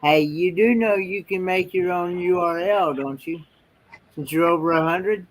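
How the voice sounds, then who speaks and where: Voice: medium pitch, moderate pace. A livestream participant chatting casually and helpfully explaining steps. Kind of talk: casual chat.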